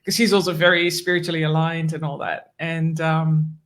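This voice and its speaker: A woman's voice: low-pitched, normal speed. A woman guest on a conversational interview, telling a personal story and acting out the dialogue in it. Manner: animated, acts out quoted dialogue, warm laughs. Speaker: guest, animal communicator.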